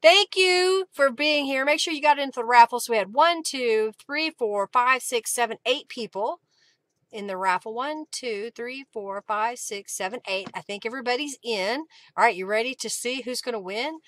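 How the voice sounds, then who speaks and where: Woman, chatty live craft host, bright tone, dry close sound. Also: fairly high pitch, lively intonation, moderate pace, no room sound. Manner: chatty, reads viewer comments aloud, laughs often. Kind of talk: casual live chat while crafting.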